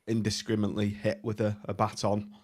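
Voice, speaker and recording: A man's voice: lowish voice, monotone, quick pace, a little mellow. A man hosting a casual podcast chat, speaking hesitantly with many fillers. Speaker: podcast host.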